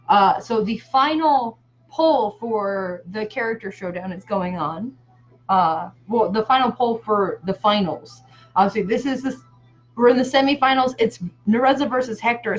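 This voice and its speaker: A woman in a casual vlog, chatting while she paints a face design. She rambles through her stories with plenty of fillers and some casual swearing. Her voice sits mid-range, and the audio is somewhat muffled and lo-fi. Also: medium pitch. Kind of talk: casual chat.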